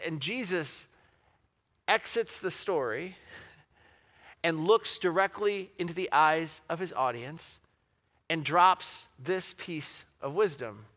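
A man preaching a sermon, telling a parable in an animated way, with asides and rhetorical questions. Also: fairly high pitch, slow pace, long pauses. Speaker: pastor.

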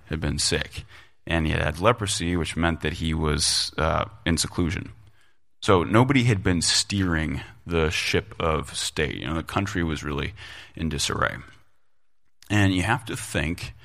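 Low gravelly-voiced male pastor preaching. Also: fairly bright tone. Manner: conversational, repeats words for emphasis. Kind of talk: sermon.

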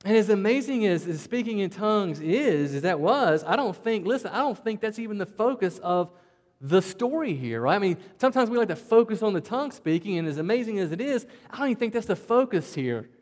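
A man with a Southwest Virginia country twang delivers a sermon in a folksy, conversational way, often saying "man" and "right?" His voice sits a little high for a man. The sound carries a long reverb, as in a large hall. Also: expressive, brisk. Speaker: pastor.

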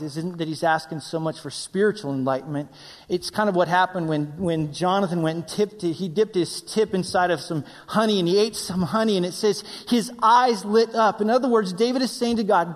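A middle-aged man preaching a sermon, acting out quoted voices and swinging between loud, urgent passages and hushed near-whispers. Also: a little high, a little fast. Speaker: pastor. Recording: long reverb of a large hall.

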